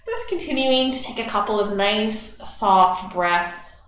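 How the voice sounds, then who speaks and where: A woman leading a gentle yoga class, slowly and softly talking students through breathing and stretches. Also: mid-range voice, animated, slight background noise. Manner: soft, slow guiding cues with gentle encouragement. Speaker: yoga instructor. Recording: very echoey room.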